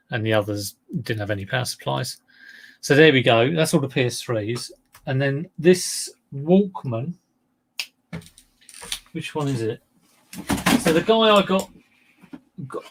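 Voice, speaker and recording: A man chatting casually on a live stream, rambling and self-deprecating as he goes through items he bought to resell. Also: medium pitch.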